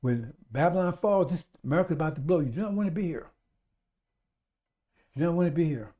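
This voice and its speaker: A fervent male radio preacher with a mellow, darker tone that sits a little higher than most men's. He repeats his points over and over and keeps calling out to his brothers and sisters, pushing toward loud exhortation. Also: lively intonation, a little fast. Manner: addresses listeners as brothers and sisters. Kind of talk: streetwise radio sermon.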